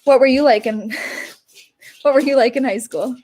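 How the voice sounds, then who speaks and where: A woman's voice: sits high, moderate pace, a little mellow. Chatty young woman live-streaming. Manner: chatty, laughs often, dramatic about small things. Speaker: YouTube livestream host. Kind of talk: casual live-stream chat.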